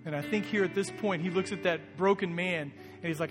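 High-voiced man preaching in a reverberant hall. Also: fairly even intonation, brisk, hardly any pauses. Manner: earnest, conversational preaching with rising emphasis. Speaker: pastor. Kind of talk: sermon. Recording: long reverb with soft guitar behind.

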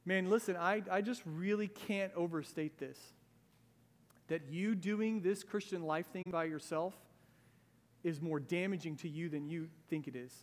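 This is a sermon from a male pastor whose voice sits high, recorded with the long reverb of a church sanctuary. He keeps it conversational and lively, breaking off for asides as he preaches.

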